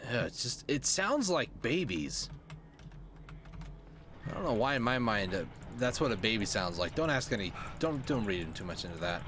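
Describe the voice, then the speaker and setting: A man's voice: mid-range voice, sing-song, normal speed. Young man, casual streamer commentary, joking, game noise under his voice. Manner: chatty, joking asides to viewers.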